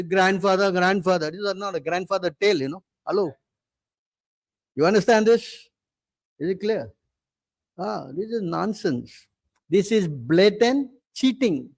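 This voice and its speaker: A man's voice: high-pitched, no echo. A man giving a scripture class as a preacher, insistent and hammering points home, constantly asking his listeners questions and demanding they listen. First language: English. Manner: insistent, repeatedly demanding attention.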